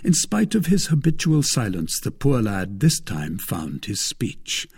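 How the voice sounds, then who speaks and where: A man narrating a classic novel as an audiobook, with an expressive, dramatic reading. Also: fairly low pitch, measured pace, vocal fry, slightly rough.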